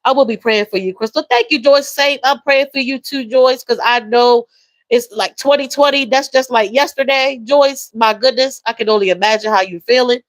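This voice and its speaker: A woman hosting a livestream, talking emotionally and softly with viewers, reading their comments and calling them y'all. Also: fairly high pitch, normal speed, dry recording, low-quality recording. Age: adult with a young daughter. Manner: emotional, soft-spoken, repeats phrases, addresses viewers as y'all and baby. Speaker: livestream host.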